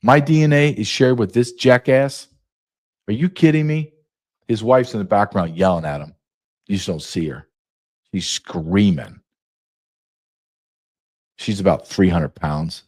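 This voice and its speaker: A man's voice: fairly low pitch, darkish tone. A man in his fifties hosting a political commentary show, ranting with blunt sarcasm. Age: 50s. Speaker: host.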